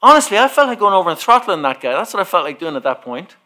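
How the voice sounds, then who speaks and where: This preacher has a high-pitched voice and a quick pace. During his sermon he relates a personal story, animatedly performing each line of dialogue himself.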